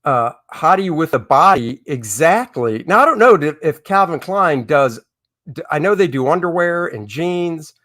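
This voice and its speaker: A man's voice: on the high side, sing-song, normal speed, fairly bright tone. A middle-aged man hosting a casual live stream as a comic artist, talking in a candid, opinionated and rambling way.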